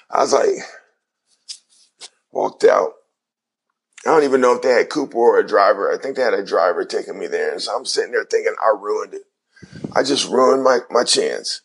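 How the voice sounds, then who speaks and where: A man's voice: lowish voice, animated, normal speed, creaky, long pauses, husky. A middle-aged man, a former basketball player, telling his story in an interview, acting out the voices of people he quotes.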